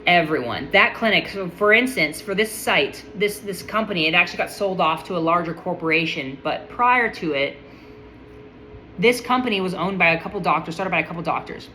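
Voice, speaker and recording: A woman's voice: on the low side, expressive, fairly quick, pushed and bright, faint music behind, low-quality recording. A woman speaking in a casual, enthusiastic monologue, full of admiration and often restarting her sentences.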